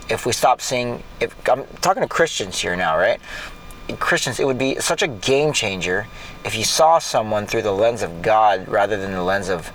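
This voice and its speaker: Earnest low-voiced man preaching. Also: fairly bright tone, a little hiss or hum, poor audio. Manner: earnest, impassioned, conversational with many restarts. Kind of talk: informal sermon.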